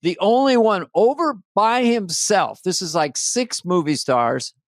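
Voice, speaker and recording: Playful man with a higher voice. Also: a little slow, dry recording, clean studio sound. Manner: animated, playful anecdote teller. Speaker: podcast co-host. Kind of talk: casual comedic storytelling.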